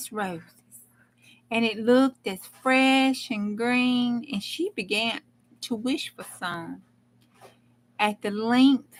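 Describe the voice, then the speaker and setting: A woman's voice: fairly high pitch, rough recording. A woman hosting a crafting channel, reading a fairy tale aloud in a folksy way with chatty asides. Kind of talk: storytelling read-aloud with casual asides.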